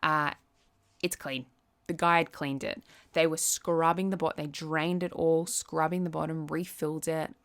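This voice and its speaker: A young woman vlogger talking casually to the camera, chatty and quick to act out little quoted asides. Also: deep voice, fairly even intonation. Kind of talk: casual chat.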